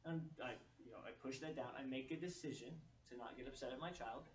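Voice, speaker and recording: A man's voice: medium pitch, fast, far from the mic. A man giving a motivational keynote to students, telling stories and acting out what others said. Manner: storytelling, animated quoting of others. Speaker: motivational speaker. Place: large echoey room, speaking to an audience. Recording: echoey room, picked up from afar.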